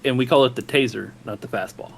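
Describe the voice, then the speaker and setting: Man, tabletop player, deliberate, rules-minded, mid-pitched voice. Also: vocal fry. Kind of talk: tabletop game play on a stream.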